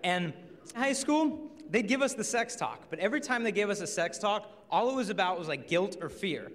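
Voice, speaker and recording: A man in his twenties tells lively, joking stories to an audience. His voice sits fairly high. A long reverb trails every line through the large hall. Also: brisk. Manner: lively, jokey, acts out quoted people. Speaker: speaker on chastity and dating. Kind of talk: humorous storytelling talk to an audience.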